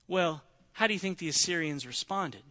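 A male preacher retells a scripture story in a lively, conversational sermon. His voice is bright and forceful, sitting somewhat high. He talks to the room plainly, like he is catching people up. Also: moderate pace.

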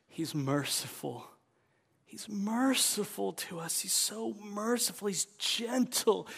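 A man pastor preaching a sermon, dropping to hushed whispers and then rising to loud, emphatic declarations. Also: on the high side, husky. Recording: long reverb of a large hall.

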